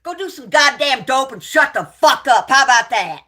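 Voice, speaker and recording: A woman's voice: high-pitched, lively intonation, moderate pace, sharp tone. A middle-aged woman, hosting a livestream and delivering an angry, profane rant full of insults. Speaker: livestream host.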